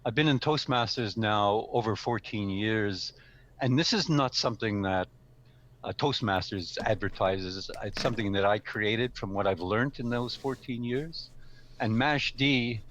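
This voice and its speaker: Presenter, man, low-ish pitch, measured and explanatory, casual online meeting. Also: fairly bright tone, a little hiss or hum. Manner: measured, explanatory, some fillers. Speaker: speaking club member presenting. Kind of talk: informal talk explaining a model.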